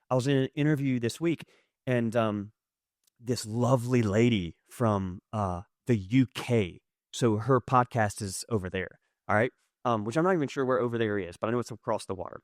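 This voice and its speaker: A man delivering a conversational sermon from a church stage, open and animated, full of quick asides. His voice sits at an ordinary middle pitch. The sound is dry and close, with no room echo. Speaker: pastor. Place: church auditorium.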